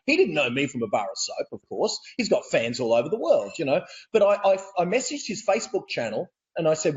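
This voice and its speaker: A man with an Australian accent, a real estate coach telling stories as a guest on a video call, energetic and laughing as he goes. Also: on the high side, fairly quick, few pauses, dull audio. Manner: energetic, laughing, repeats words. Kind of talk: animated storytelling.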